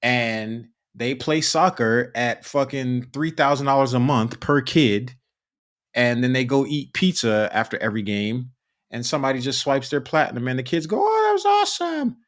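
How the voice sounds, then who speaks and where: A man's voice: mid-range voice, moderate pace, fairly bright tone. A man co-hosting a casual podcast, talking bluntly and emphatically with plenty of swearing. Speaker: podcast co-host. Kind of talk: casual chat.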